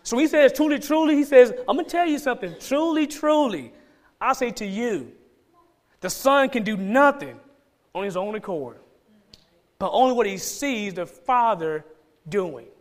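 A man's voice: sits high, expressive, normal speed. A man with a Georgia Southern accent preaching a sermon as pastor, emphatic and repeating key phrases for stress.

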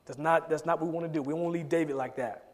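A man with a high voice preaches a sermon, swinging from loud, urgent emphasis to low, quiet asides. He repeats words in rapid bursts as he builds a point. His voice rings through a large hall with a long reverb tail. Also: fairly even intonation. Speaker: pastor.

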